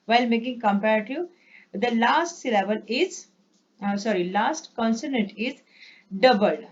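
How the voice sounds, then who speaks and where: A woman teaching an English grammar lesson, reading out word lists patiently and correcting herself as she goes. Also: a little high. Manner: patient, repeats words, corrects herself with "sorry". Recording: dull lo-fi recording.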